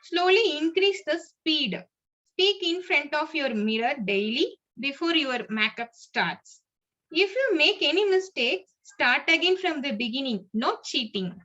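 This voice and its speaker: High, lively woman teaching pronunciation. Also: unhurried. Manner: reads list-like points with small slips and restarts. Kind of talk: lesson narration. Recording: muffled lo-fi audio.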